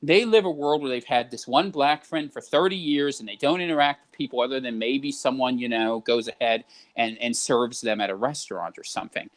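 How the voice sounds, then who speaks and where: A man's voice: mid-range voice, brisk, few pauses. A man who is a podcast guest, explaining his reasoning step by step in a persuasive way. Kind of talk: podcast conversation.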